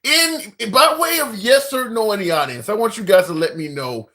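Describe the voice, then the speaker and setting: A man hosting a live debate show, calmly asking pointed questions. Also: sits high, moderate pace. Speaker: host.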